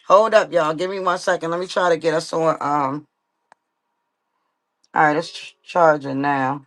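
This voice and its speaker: A woman's voice: low-pitched, fairly even intonation, measured pace, long pauses, no echo, clean studio sound. Blunt, profane woman ranting on a live stream. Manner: blunt, profane, emphatic repetition. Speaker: livestream host. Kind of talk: casual livestream rant. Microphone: laptop mic on a live stream.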